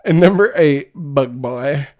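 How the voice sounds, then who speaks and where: Taking her time, this woman speaks in a low, dark-toned voice while co-hosting a laid-back podcast chat. Laughter keeps bubbling up as she talks.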